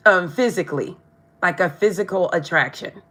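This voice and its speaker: Woman, tarot reader, live stream, low-pitched, talks to viewers, trips over words. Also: moderate pace, a bit bright. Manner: stumbles over words, tongue-tied; chatty, addresses viewers directly.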